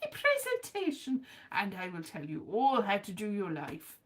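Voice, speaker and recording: A woman's voice: medium pitch, normal speed. A woman hosting a casual live chat, rambling and self-mocking, now and then breaking into sung lines. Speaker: livestream host.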